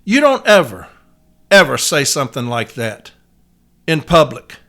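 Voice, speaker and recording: A man's voice: mid-range voice, very animated, unhurried, fairly bright tone. Angry, cursing male podcast host. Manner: angry, profane, emphatic. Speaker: podcast host, union letter carrier. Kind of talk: heated solo podcast rant.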